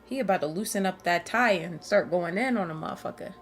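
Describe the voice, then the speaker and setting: A woman streaming a visual novel, reacting excitedly in a slangy, swearing commentary. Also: lowish voice, brisk, soft background music. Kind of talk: casual let's-play commentary.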